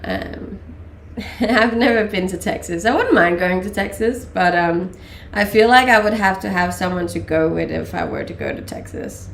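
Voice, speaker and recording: Reading her live chat, this Danish woman in her late twenties talks loosely at a moderate pace, sprinkling in ums and small laughs. Her medium-pitched voice has some fry and a gravelly edge, and her English mixes Danish with assorted English accents. An echoey room and a little hiss or hum surround her.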